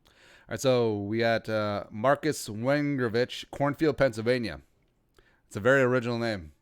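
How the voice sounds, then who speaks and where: A man's voice: mid-range voice, moderate pace, smooth. A man in his thirties from Minnesota hosting a casual livestream podcast, rambling and joking with crude asides. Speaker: podcast host.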